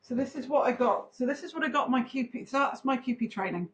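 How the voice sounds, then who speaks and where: A woman in her forties, a podcast guest, telling her story in a chatty, animated way. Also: sits high, quick pace. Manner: chatty, animated, talks in long run-on recollections. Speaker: podcast guest, pharmaceutical trainer. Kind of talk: conversational interview storytelling.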